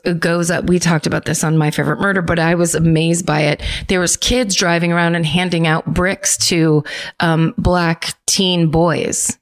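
Lower-voiced woman, animated casual chat. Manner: animated, swearing, restarts mid-sentence. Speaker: podcast co-host. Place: home.

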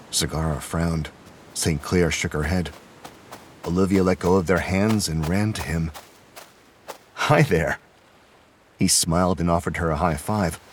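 Male narrator for an audio drama, low and a touch husky, steady delivery. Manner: steady storytelling, voices characters lightly.

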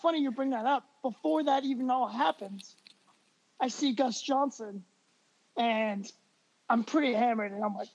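A man, a podcast guest, telling stories in a casual, animated way and laughing as he goes. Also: extremely high pitch, normal speed. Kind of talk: casual storytelling. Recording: dull lo-fi recording.

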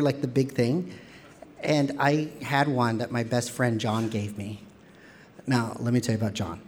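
A man telling a personal story on stage, expressive and playful with self-mocking humor. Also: mid-range voice.

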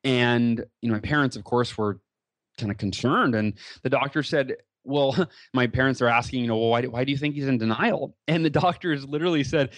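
A man's voice: medium pitch, fairly quick, no echo. A man in his thirties, a podcast guest, telling a personal story animatedly, acting out dialogue with many fillers and restarts.

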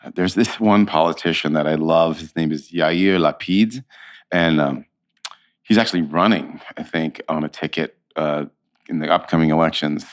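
A man in his fifties, an actor, chatting as an interview guest and telling animated stories. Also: very deep voice, moderate pace. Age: 50s. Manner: animated storyteller, acts out quotes. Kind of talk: casual interview chat.

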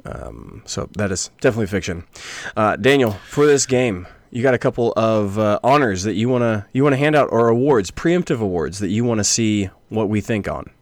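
Dry-sounding low male podcast co-host. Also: expressive, a little fast, no echo. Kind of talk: casual sports chat.

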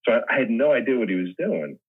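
A man's voice: mid-range voice, big pitch swings, fast, slightly rough. A man in his sixties, a guest actor telling rambling anecdotes in a casual interview, laughing often. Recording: tinny phone-like line.

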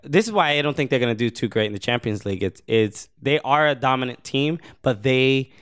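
A young man co-hosts a relaxed podcast, stopping and restarting as he gathers his thoughts. His mid-pitched voice rises and falls a lot. The sound is dry and close. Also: fairly quick, clean tone, no room sound. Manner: hesitant, many restarts and fillers. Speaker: podcast co-host. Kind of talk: casual chat.

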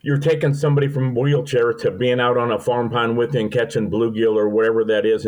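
A man's voice: mid-range voice, flat delivery, a little fast, hardly any pauses, a little mellow, poor audio. An older man from Missouri, a guest telling folksy, sentimental stories in an interview. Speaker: podcast guest. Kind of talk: storytelling interview.

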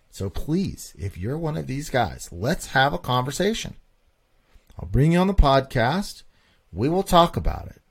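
A man hosting a casual podcast monologue, talking emphatically and repeating points for stress. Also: mid-range voice. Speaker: podcast host.

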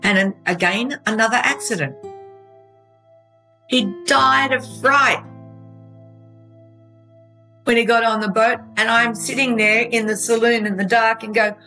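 Bright-voiced woman telling her own story. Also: a little high, a little slow, long pauses, soft background music, low-quality recording. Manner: animated storytelling, asks listener "right?". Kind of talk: emotional true-crime testimony.

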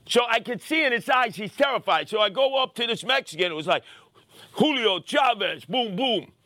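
A middle-aged man hosting a podcast tells an animated story, his very high voice sharp and forceful, and he shouts out at the big moments. He talks quickly and excitably with a punchy, street-tough delivery. The recording is dry and close with no echo.

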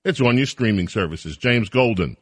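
A man's voice: lowish voice, expressive, normal speed, no room sound. Indignant male talk radio host. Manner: indignant, emphatic. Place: radio studio.

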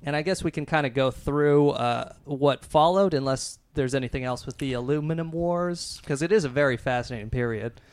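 A man co-hosting a casual podcast chat, pausing often with ums and uhs and laughing as he goes. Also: fairly high pitch, a little mellow, clear, resonant tone, no room sound. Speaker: podcast co-host.

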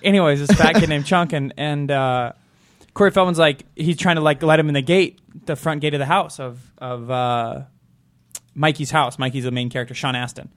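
Male co-host, fairly high voice, rambling and chatty, casual web show talk. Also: steady tone, moderate pace.

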